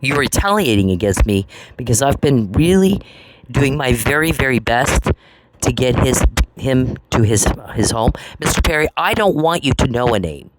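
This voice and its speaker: A man's voice: mid-range voice, expressive, normal speed. Man ranting over a noisy, clicking recording. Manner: confrontational, profane, repeats phrases for emphasis. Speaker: channel host. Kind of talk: angry solo monologue.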